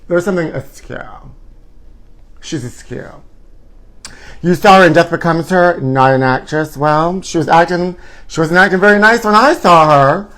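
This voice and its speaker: On his own live stream, filmed on his own camera, a man chats casually in a campy, gossipy, theatrical style. His voice is a little high and fairly bright, his pace moderate, and he calls viewers "honey" and "trashies."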